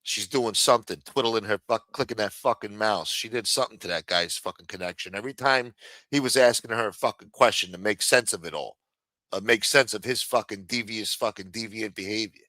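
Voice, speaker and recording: Male streamer, profane heated rant, sharp tone, dry close mic. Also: lowish voice, a little fast, no room sound. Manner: heated, swears constantly, mocks others in raised voices. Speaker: livestream commentator.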